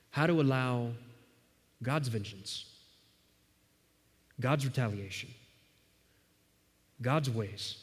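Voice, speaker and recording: A male pastor delivering a sermon in a conversational, storytelling manner, in a church sanctuary. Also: mid-range voice. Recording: long reverb of a large hall.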